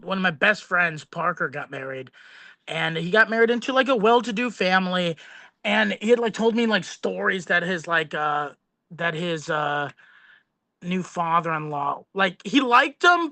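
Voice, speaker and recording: A man's voice: sits high, normal speed, pushed and bright, no room sound. A young man telling rambling comic stories on a radio show, acting out voices along the way. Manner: rambling comic storyteller, acts out voices in his anecdotes. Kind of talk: casual storytelling.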